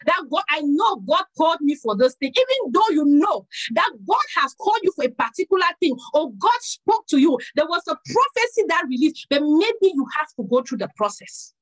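A middle-aged woman preaching a sermon, telling a personal story with lively quoted dialogue. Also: sits high, brisk, few pauses, poor audio.

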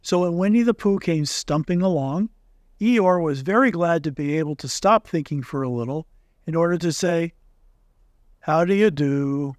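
A man calmly narrating a classic children's storybook in a gentle reading manner. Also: on the high side, normal speed, no room sound, studio quality. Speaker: audiobook reader.

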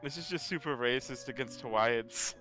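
A man chatting on a stream, calmly teasing and arguing his point. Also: medium pitch, moderate pace, music in the background, low-quality recording. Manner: calm, dry, teasing, argumentative. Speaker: stream guest. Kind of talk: casual chat over a call.

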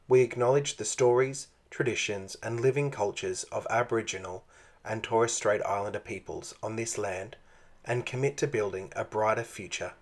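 A man reading a children's picture book aloud in a slow, expressive storytelling manner. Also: on the low side. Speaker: storybook reader.

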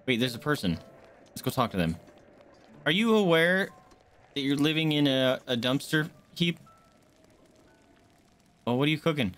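A young woman giving casual, jokey commentary while she streams a video game and chats with viewers. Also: deep voice. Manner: chatty, laid-back, jokey.

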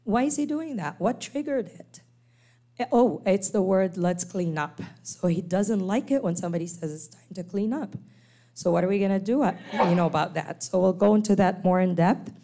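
A woman with a mid-range voice speaks at normal speed, lecturing church teachers about special needs kids. She's animated, acting out the parents and children she quotes as she explains.

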